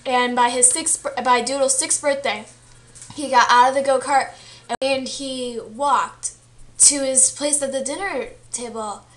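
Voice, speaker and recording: A woman's voice: high voice, steady tone, unhurried, a bit bright. A young woman casually retelling a story she read, chatty and full of fillers, acting out the quoted lines. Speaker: student vlogger.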